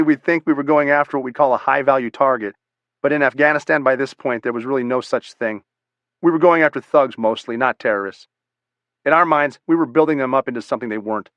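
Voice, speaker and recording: A man reads a first-person memoir at a steady, measured pace, plain and matter-of-fact, his voice at an ordinary middle pitch. The recording is dull and bone-dry. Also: no room sound. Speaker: audiobook narrator.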